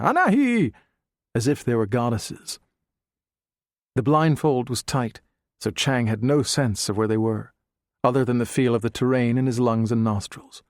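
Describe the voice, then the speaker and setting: A man narrates an audiobook in a steady, measured voice of middling pitch. He reads close to a studio microphone. The sound is completely dry, with no room echo.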